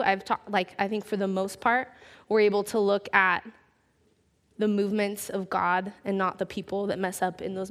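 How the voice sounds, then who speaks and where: A young woman giving a casual sermon at church, telling a personal story in a chatty, animated way with lots of "like" fillers. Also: medium pitch. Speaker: speaker at church.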